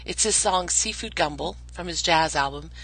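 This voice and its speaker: Bright, enthusiastic woman hosting a podcast. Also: fairly low pitch, moderate pace, husky, low-quality recording. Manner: enthusiastic, chatty, many restarts and fillers. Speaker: podcast host. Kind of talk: casual podcast interview.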